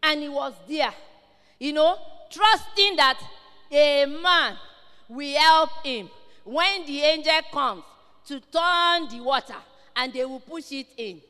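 A woman's voice: high voice, takes it slowly, bright, forceful tone. A woman preaching a sermon in a church, passionate and emphatic, building in intensity as she exhorts her listeners. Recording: long hall reverb.

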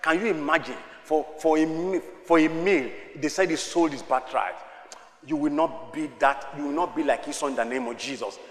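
Older male pastor, high voice, preaching in a big reverberant hall; hushed one moment, shouting the next. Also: moderate pace. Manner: swings between hushed asides and shouted exhortations. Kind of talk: sermon. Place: large church hall. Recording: echoey reverberant church hall.

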